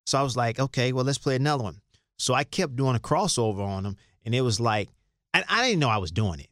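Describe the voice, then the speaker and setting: A man's voice: medium pitch, expressive, fast talker, a bit bright, no echo, studio quality. A middle-aged man telling loose, rambling basketball stories in an interview, repeating words and laughing now and then. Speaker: interview guest, former basketball player. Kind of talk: casual storytelling interview.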